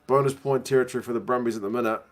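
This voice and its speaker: Kiwi guy chatting away on a stream watching rugby, says bro a lot, mid pitch. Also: steady tone, very fast. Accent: New Zealand. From New Zealand. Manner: chatty, reads viewer comments aloud, says bro. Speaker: live-stream host. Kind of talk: casual live-stream match commentary.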